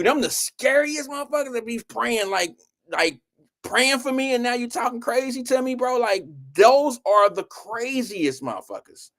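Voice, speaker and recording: A man's voice: sits high, moderate pace, vocal fry. A man hosting a live stream show, talking casually and telling stories in a rambling, profane way. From Ohio. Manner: animated, profane, rambling storyteller. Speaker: show host.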